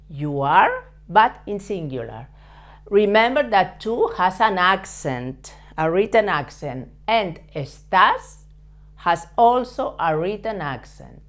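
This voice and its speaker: Slow, patient woman teaching a lesson. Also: fairly low pitch. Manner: patient, repeats words and hesitates often. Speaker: Spanish teacher. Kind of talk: step-by-step language lesson.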